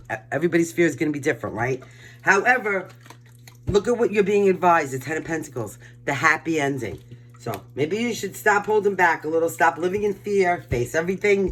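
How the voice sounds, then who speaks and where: An older woman from Brooklyn with a New York accent, giving a casual collective tarot reading in a blunt, emphatic, pep-talk way. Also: fairly low pitch. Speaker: tarot reader.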